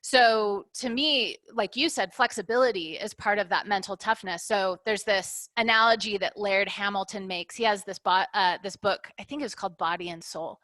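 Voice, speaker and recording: Reflective and candid, a middle-aged businesswoman explains her views in an interview through analogies, frequently tagging "right?" onto the end. Her voice is mid-range and fairly bright, at a normal speed with few pauses, and has no echo.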